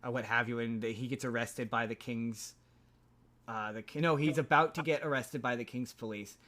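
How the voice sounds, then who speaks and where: A man's voice: medium pitch, fairly even intonation, moderate pace, fairly bright tone. A man hosting a podcast, casually recapping a film in a rambling way, with frequent restarts and repeated words. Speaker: podcast host.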